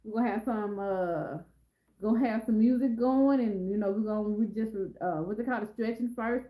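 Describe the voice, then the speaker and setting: A woman's voice: medium pitch, normal speed, warm tone, reverberant, low-quality recording. A middle-aged woman hosting a casual live stream, chatty and rambling as she talks straight to her viewers.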